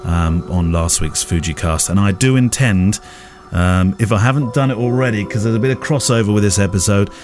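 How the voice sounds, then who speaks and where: A man's voice: on the low side, brisk, over music. A man hosting a podcast, speaking casually and hesitantly with frequent "um" and "uh". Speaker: podcast host.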